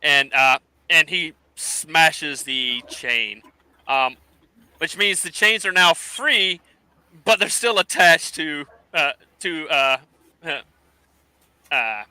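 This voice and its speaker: A man narrating a tabletop game as game master, halting often with fillers as he thinks. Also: on the high side, expressive, bright, forceful tone, smooth, no echo, low-quality recording.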